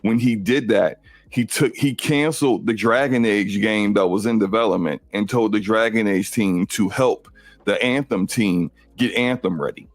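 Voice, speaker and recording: A man's voice: fairly low pitch, moderate pace, no echo, soft background music. A man co-hosting a gaming podcast, talking casually and insistently, often repeating words as he argues a point. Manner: rambling, emphatic, repeats words when arguing. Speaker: podcast co-host.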